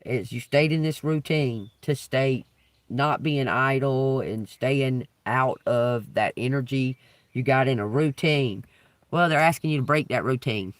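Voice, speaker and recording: A man's voice: mid-range voice, a little slow, no room sound, recorded from a distance. A man doing a live-stream tarot reading, talking casually, swearing freely and laughing often. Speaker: tarot reader.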